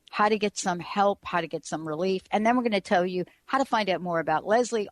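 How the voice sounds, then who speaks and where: A woman's voice: medium pitch, no echo. A woman hosting a talk radio show, chatting casually and rambling with frequent restarts.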